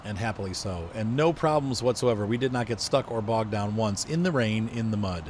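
A man's voice: fairly low pitch, brisk, noisy background. Congested man rambling over gameplay. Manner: rambling, thinks aloud while driving, self-corrects. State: congested from allergies. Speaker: game streamer. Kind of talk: casual gameplay commentary.

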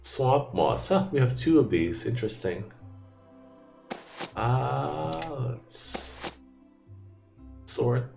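A man's voice: medium pitch, animated, extremely slow, gravelly, pauses often, a little mellow, soft background music. A man giving casual gameplay commentary, thinking aloud in an offhand way and often trailing off. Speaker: let's play gamer.

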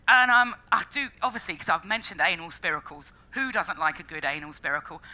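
A woman giving a lively, jokey public science talk, acting out funny quoted voices along the way. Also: high voice, poor audio. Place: lecture stage before an audience.

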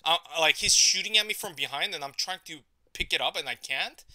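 A man's voice: on the high side, fairly quick, sharp tone, dry recording. A young man streaming gameplay, ranting in frustration and swearing a lot. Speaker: gaming streamer. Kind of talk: live gameplay commentary.

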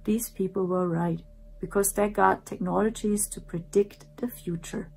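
A woman telling her own story in earnest, repeating herself and dropping to a hushed voice for the dark parts. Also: medium pitch, fairly even intonation, moderate pace, vocal fry, slight background noise. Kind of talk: personal storytelling.

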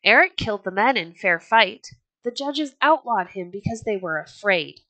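A woman's voice: mid-range voice, lively intonation, moderate pace, sharp tone, no echo, poor audio. A woman reading the lines of an indignant townsman in a heated, protesting manner. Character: indignant townsman defending a friend.

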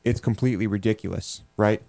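A male co-host with a slightly low voice talks the news through in a wry, dismissive way, building his point slowly. The studio sound is dry and close. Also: steady tone, creaky, warm tone, no echo. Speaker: talk show co-host. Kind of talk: political talk show banter.

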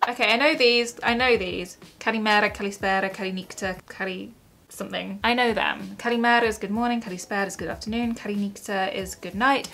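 A woman's voice: fairly high pitch, a little fast, vocal fry, bright, forceful tone, soft background music. A young woman chatting casually at home for her vlog, giggly and self-mocking as she stumbles over words. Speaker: YouTuber.

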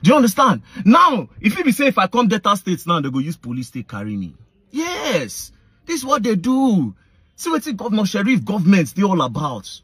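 Male vlogger, Nigerian Pidgin accent, husky voice, swings high and low in a heated rant. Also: huge pitch swings, normal speed, pushed and bright, no room sound. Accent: Nigerian Pidgin English. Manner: heated, accusatory, addresses his targets directly. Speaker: online commentator. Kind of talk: confrontational vlog rant.

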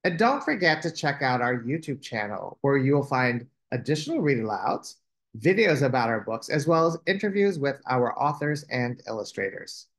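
A man hosting a children's storytime, reading a picture book aloud with expressive delivery. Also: medium pitch, normal speed.

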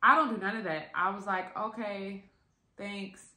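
A woman telling a story to her viewers in a casual, animated and profane way, acting out the quotes. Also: medium pitch, fast talker. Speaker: vlogger. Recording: echoey room.

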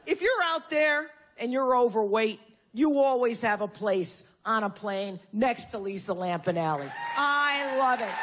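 A woman's voice: a little high, a little slow, noisy background. A woman from Connecticut doing a stand-up comedy set, brash and profane with punchy insult jokes. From Connecticut, USA. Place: live comedy venue with audience.

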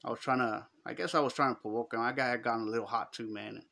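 A middle-aged man with a Chicano English accent from Los Angeles tells a story in slangy street talk, acting out the quotes. His medium-pitched voice is fast, creaky, pushed, and bright, with fairly even intonation.

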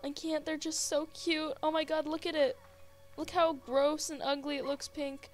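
High-voiced, gushing woman gamer. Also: moderate pace, faint music behind. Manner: gushing, easily excited, talks to creatures on screen. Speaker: gaming video host. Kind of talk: casual let's-play commentary.

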